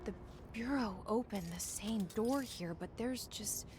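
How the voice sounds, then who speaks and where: A woman voicing a quiet, distant, haunting figure in a video game, speaking slowly in drawn-out phrases. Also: a little high, background noise, lightly acted. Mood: eerie.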